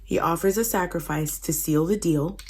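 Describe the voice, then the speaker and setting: A woman's voice: on the low side, normal speed, husky. A woman casually retelling a Bible story in a slangy, conversational way. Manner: slangy, conversational, laughing asides. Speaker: host retelling Bible stories.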